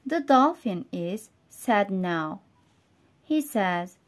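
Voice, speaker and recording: A woman with a Turkish accent teaching English vocabulary and reading a simple story aloud, slow and clear, going word by word. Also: on the high side, animated, darkish tone. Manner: slow, clear, explaining words one by one.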